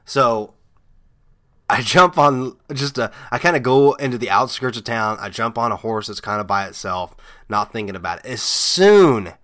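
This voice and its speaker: A man's voice: mid-range voice, bright, forceful tone. A man hosting a podcast, telling rambling, amused stories in a casual monologue full of fillers and restarts. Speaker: podcast host.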